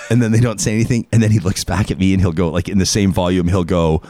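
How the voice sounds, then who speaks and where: A man's voice: low voice, fairly even intonation, quick pace, few pauses, dark tone. A man hosting a talk show, chatting casually in a rambling, self-deprecating and joking way. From Canada. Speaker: radio show host. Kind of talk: casual on-air banter.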